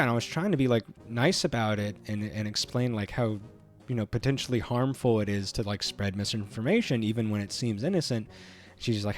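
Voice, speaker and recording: A man's voice: fairly low pitch, a little fast, soft background music. A male streamer telling a rambling story while playing a game, full of fillers and many likes.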